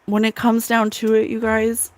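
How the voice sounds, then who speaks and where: A woman's voice: fairly high pitch, monotone, moderate pace, a little mellow. A woman hosting a spiritual livestream, talking earnestly to her chat and repeating key phrases for emphasis. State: tearful at times. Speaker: psychic livestream host.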